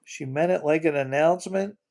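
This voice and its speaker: A man hosting a casual livestream in a gravelly, somewhat high voice. He rambles, repeats words and bursts into disbelieving exclamations. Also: fairly quick, darkish tone. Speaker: livestream host.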